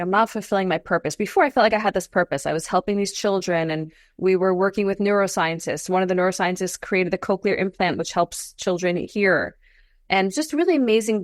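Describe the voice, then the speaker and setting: A woman in her forties, a podcast guest, telling her story in a casual interview, animated and climbing into high exclamations. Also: no echo, studio quality. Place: Los Angeles.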